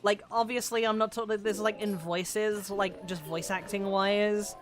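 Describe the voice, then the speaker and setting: Over music, a woman streamer speaks at normal speed in a steady, medium-pitched voice she considers androgynous. Chatting casually as she games, she rambles and swears freely, using many fillers.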